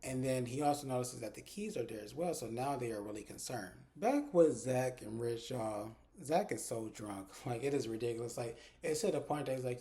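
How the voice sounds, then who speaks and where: A man's voice: medium pitch, normal speed, hardly any pauses, mellow. Man casually recapping a TV episode. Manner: chatty retelling, many "like" fillers. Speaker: TV episode reviewer.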